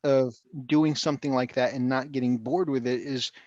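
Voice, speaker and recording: A man co-hosting a hobby livestream in a casual chat, talkative and quick to laugh. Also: medium pitch, fairly even intonation, darkish tone, dry recording, dull audio. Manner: chatty, laughs often, quick asides.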